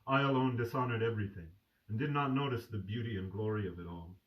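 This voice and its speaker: A man's voice: on the low side, fast talker, muffled recording, lightly acted. Guy doing a dying young man, all fervent and tender, mic kinda far off. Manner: fervent, pleading. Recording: distant mic.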